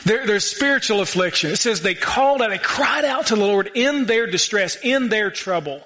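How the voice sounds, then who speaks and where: Pastor guy preaching in a small church, higher voice, bright, keeps asking the crowd questions. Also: expressive, moderate pace. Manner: rhetorical questions to the congregation, conversational asides. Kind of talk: sermon.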